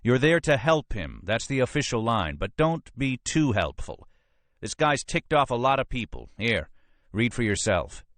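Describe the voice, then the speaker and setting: Man voicing a gruff police captain, high and loud, pushy, lively ups and downs, audiobook. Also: moderate pace, no room sound. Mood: bossy. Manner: gruff, pushy, rhetorical questions. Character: blustering male police captain, bossy and suspicious.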